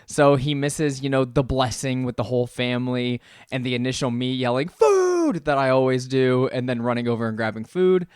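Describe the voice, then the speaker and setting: A young man co-hosting a podcast, telling a story in casual chat, lively and laughing often as he acts out what people said. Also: mid-range voice, a little fast, few pauses, clear, resonant tone, no room sound, clean studio sound. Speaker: podcast co-host.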